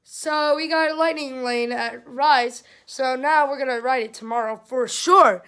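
A woman vlogging casually from a theme park and hotel, excitable and quick to shriek and laugh, filming on a handheld camera. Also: sits high, heavy background noise. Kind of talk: casual travel vlog. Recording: theme park crowd and music behind.

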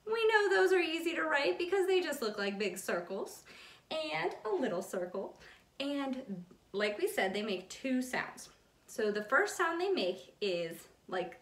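A woman's voice: on the high side, recorded from a distance. A woman teaching a preschool circle time lesson, upbeat and encouraging in a sing-song way. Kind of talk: online circle time lesson for young children. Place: home room. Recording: echoey room, a bit off-mic.

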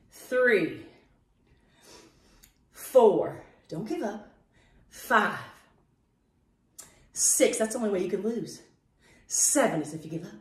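A breathless woman counts her class through leg reps, her lively voice swinging high and low in a playful sing-song. She sits back from the mic in a roomy, echoing space with a faint hiss underneath, and her counting runs slow and unhurried. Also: recorded from a distance. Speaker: fitness instructor. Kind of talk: leading a home workout class.

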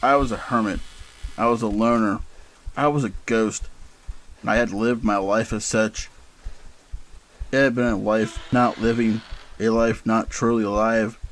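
A man's voice: lowish voice, low-quality recording. A man giving a dramatic, intense narration of a first-person horror story.

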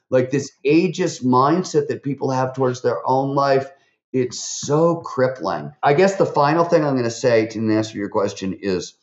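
A man, a podcast guest and author, talking in a lively way, telling stories full of fillers and quoted voices. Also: medium pitch, echoey room, lo-fi sound. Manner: animated, fast-talking, with many fillers and acted quotes. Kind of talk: conversational interview storytelling.

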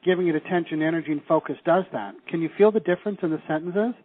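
Seminar teacher, man from Canada, middle-aged; lively and quizzing, husky tone, phone-thin sound. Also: fairly high pitch, quick pace. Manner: lively, asks the class questions, acts out quoted reactions. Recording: tinny phone-like audio.

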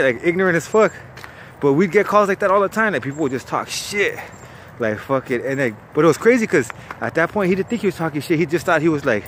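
A man's voice: a little high, fairly bright tone, slight background noise. A man from California with a Chicano accent, casually telling stories from his old call-center job, swearing freely and leaning on fillers. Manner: profane, laid-back storytelling full of fillers. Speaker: former bank call-center worker. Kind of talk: casual storytelling vlog.

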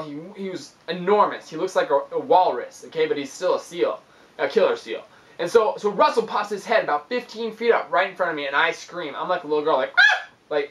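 Young man, animated vlog storyteller, excitable and exaggerated, voice slightly off-mic. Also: on the high side, recorded from a distance, slight background noise, low-quality recording. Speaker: youth ministry vlogger.

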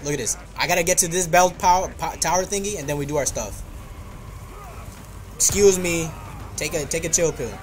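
There's slight background noise as this gaming streamer talks briskly in a high-ish voice, pausing often. He trash-talks enemies and jokes around, with excitable outbursts aimed at himself and his chat.

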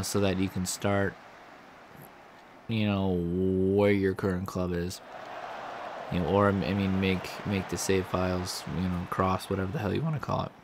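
A man with a fairly low voice narrates his video game session, cursing and complaining at length. The recording is home-made, with steady noise behind him. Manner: profane, frustrated ranting. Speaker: gaming commentator. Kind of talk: let's play commentary.

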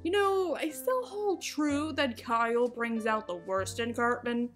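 Wry high-voiced woman narrating a video essay. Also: a little slow, over music. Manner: wry, sarcastic asides.

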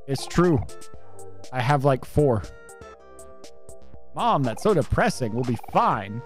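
A man's voice: medium pitch, big pitch swings, slow, long pauses, faint music behind. A male streamer talking casually and sarcastically while playing a game live.

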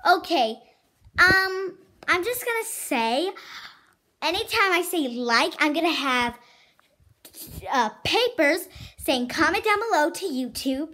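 A high, bright female voice on a casual room-tour vlog. She talks slowly but excitedly and keeps slipping into a hushed whisper. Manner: excitable, often drops to a whisper. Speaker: vlogger showing her room.

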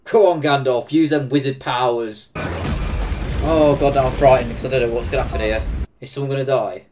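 A man with an English Midlands accent reacting to a film, excitable, swearing and laughing often. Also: medium pitch, fairly quick, noisy background. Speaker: reaction video host. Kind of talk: casual reaction commentary.

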